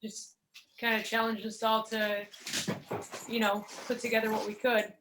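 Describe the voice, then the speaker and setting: A woman's voice: on the high side, little pitch movement, moderate pace. A woman who is a student, talking on a video call in an enthusiastic way with lots of fillers. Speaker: student guest. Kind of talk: casual video-call conversation. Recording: echoey room with faint noise.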